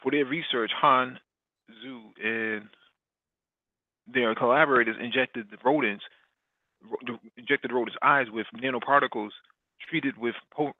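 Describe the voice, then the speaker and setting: A man's voice: medium pitch, no echo. Man reading news over a tinny line. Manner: reads with frequent restarts. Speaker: podcast host. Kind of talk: reading a news article aloud. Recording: dry, tinny phone-like line.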